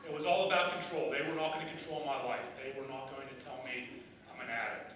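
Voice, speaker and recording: A man's voice: mid-range voice, fairly even intonation, fast talker, noisy background. A middle-aged man giving a candid personal speech at a benefit dinner, telling his story with insistent, rising bursts. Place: large banquet hall. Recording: echoey banquet hall, voice from a distance.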